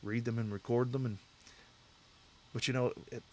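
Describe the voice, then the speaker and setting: A man's voice: medium pitch, fairly even intonation, normal speed. A man hosting a casual livestream, rambling and talking straight to his chat viewers from a home setup. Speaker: livestream host.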